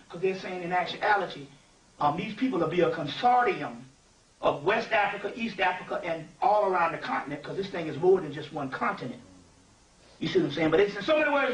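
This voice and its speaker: A man with a fairly high voice gives a loose, lively lecture that drifts from point to point and keeps checking that the room follows him. He sounds set back from the microphone, in an echoey room with a faint ambient hum behind him. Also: distant mic. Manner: animated, digressive, keeps asking "you see what I'm saying". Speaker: lecturer on spiritual history. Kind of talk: informal spiritual lecture.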